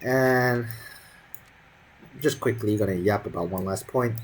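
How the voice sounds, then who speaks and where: A man's voice: lowish voice, unhurried, a little hiss or hum, poor audio. A young man in his teens telling a school story as a casual, profane, sarcastic rant full of fillers.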